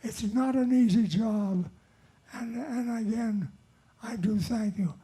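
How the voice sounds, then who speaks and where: Husky older guy rambling through a thank-you speech, takes his time. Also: very high-pitched, mellow. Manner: halting and wandering, with lots of restarts. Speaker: award honoree. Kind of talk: rambling speech with told jokes. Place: nightclub stage.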